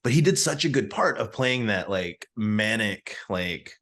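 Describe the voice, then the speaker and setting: Low-voiced, slangy, enthusiastic man. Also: animated, unhurried, a bit bright. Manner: enthusiastic, slangy, says "man" and "dude" a lot. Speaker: podcast co-host. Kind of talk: casual film review chat.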